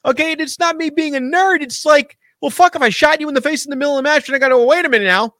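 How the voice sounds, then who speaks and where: Man, high voice, animated profane ranter, casual podcast co-host, dry mic. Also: rapid-fire, no echo. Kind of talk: casual wrestling talk.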